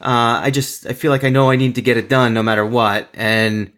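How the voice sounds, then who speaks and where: A man's voice: medium pitch, level tone, a little fast, fairly bright tone. A man hosting a podcast, chatting casually and laughing along with his guest. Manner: easygoing, laughs along, trails off mid-thought. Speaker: podcast host. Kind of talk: casual interview chat.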